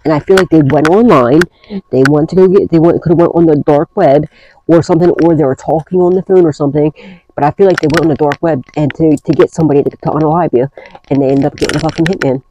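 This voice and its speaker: Mellow-voiced woman giving a blunt tarot reading. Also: sits low, fast, a little hiss or hum, poor audio. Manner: blunt, profane, rambling with restarts. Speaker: tarot reader. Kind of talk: casual tarot reading to camera.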